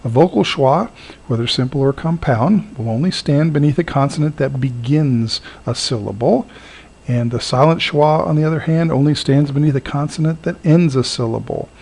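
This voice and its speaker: A man teaching a recorded lesson, halting with frequent fillers and repeating words slowly to model their sound. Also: on the high side, gravelly, darkish tone, husky. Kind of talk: recorded lecture.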